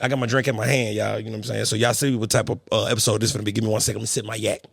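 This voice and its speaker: A young man from St. Louis hosting a podcast in casual chat, boastful and animated, full of profane trash talk. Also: on the low side, very fast, creaky, husky, no room sound, clean studio sound. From St. Louis, Missouri. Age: young adult. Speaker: podcast host.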